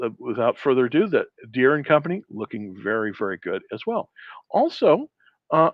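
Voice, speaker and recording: A man's voice: mid-range voice, no room sound. Man rambling through stock picks, lo-fi. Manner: rambling, many restarts and fillers. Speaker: stock trading show host. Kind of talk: casual market commentary.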